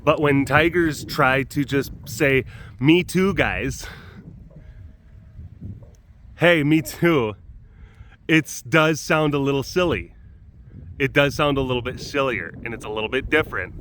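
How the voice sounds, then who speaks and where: A man's voice: medium pitch, moderate pace, fairly bright tone, slight background noise. A man who hosts a big cat facility's webcast, talking casually and in a rambling way outdoors, restarting his sentences and laughing often. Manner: chatty and meandering, many restarts, laughs often, now and then mimics animal sounds. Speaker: big cat sanctuary keeper and webcast host. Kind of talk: casual rambling talk to camera. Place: outdoors at a wild animal facility.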